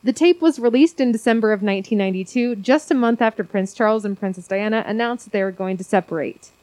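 A woman's voice: medium pitch, quick pace, a little mellow, no room sound. A woman podcast co-host reading a story aloud in a casual chat. She swears casually. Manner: swears casually, laughs a lot.

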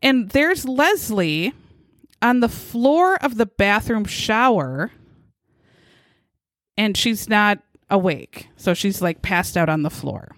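Animated woman retelling a true crime case. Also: medium pitch, takes it slowly, no room sound, studio quality. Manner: chatty, animated storytelling, acts out quotes. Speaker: podcast co-host.

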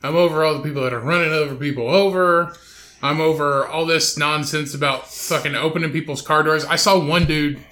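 A man's voice: on the high side, steady tone, brisk. A man co-hosting a casual podcast, ranting with lots of swearing and acting out the people he describes. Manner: profane, ranting, acts out quoted people loudly. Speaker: podcast co-host.

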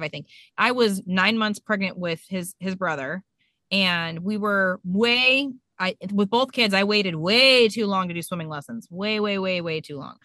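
A woman's voice: mid-range voice, pushed and bright, no room sound. A woman in her thirties telling a self-mocking mom story in casual podcast chat.

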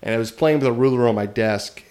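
Man, casual storyteller, rambling and self-amused, mid-pitched. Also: quick pace, darkish tone. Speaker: guest telling a prank story.

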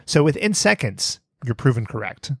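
A man's voice: mid-range voice, big pitch swings, normal speed, very noisy. A man hosting a casual comedic podcast, sarcastic and playful with mock-earnest jokes. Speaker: podcast host.

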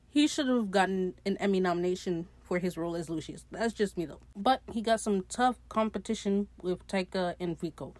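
A woman's voice: on the low side, normal speed, a little mellow, no room sound. A young woman casually recapping a TV episode on her podcast, chatty and sarcastic, swearing freely and laughing at her own jokes.

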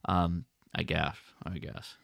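A man's voice: deep voice, level tone, slow pace, creaky, fairly bright tone, dry recording, studio quality. An American man co-hosting a podcast, talking in a playful, rambling way and often correcting himself. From United States. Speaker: podcast co-host. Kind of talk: casual chat.

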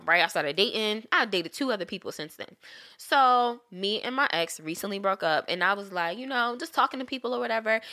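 A young woman telling a long story in casual chat, animated and profane, often laughing. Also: medium pitch.

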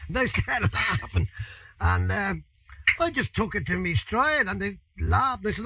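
A man in his fifties with a Dublin accent, telling a story as an interview guest in a colloquial, animated way, with plenty of swearing. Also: high voice, unhurried, creaky, breathy edge, poor audio. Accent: Irish, Dublin. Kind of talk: anecdotal storytelling.

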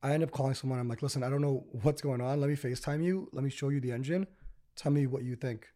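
Male podcast host, mid-pitched, casual, rambles through stories. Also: fairly even intonation, fast, dark tone. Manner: rambling storyteller, many fillers like "like" and "you know".

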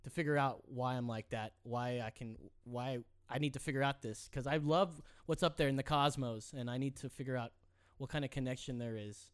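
A man hosting a casual chat show, rambling and excitable with many restarts. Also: mid-range voice, a little fast, clean tone, no echo, studio quality. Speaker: host.

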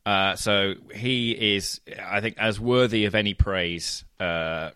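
A British man co-hosting a podcast in casual chat, animated, profane and quick to laugh. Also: on the low side, smooth, dry recording. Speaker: podcast co-host.

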